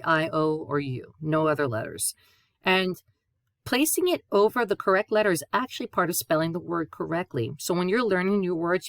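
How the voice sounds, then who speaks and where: A woman's voice: on the low side, a bit bright, dry recording, studio quality. Patient woman teaching Spanish letters. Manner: patient, clear spelling out and repeating. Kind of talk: classroom lesson.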